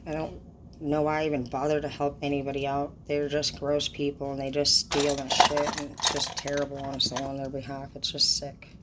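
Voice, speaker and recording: A woman's voice: low-pitched, monotone, a little fast, very noisy. A woman in a casual vlog rant, upset and annoyed, talking in a blunt, profane, indignant way.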